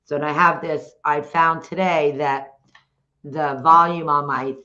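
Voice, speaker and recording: A talkative woman hosting a casual chat, a former dog trainer who calls herself a loudmouth, rambling in an animated way. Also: low voice, a little slow. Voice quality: loud, talkative. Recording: dull lo-fi sound, faint noise.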